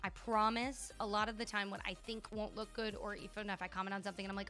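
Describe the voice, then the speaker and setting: A young woman streaming a video game live, chatting casually in a gushing, animated way, full of "like" and "dude". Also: mid-range voice, fast, few pauses, faint music behind.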